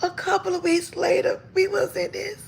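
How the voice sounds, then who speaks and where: A woman, telling her own story to her viewers in an animated, repeating way that turns tearful. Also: extremely high pitch, normal speed, gravelly, a little hiss or hum. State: tearful near the end. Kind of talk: emotional testimony to viewers.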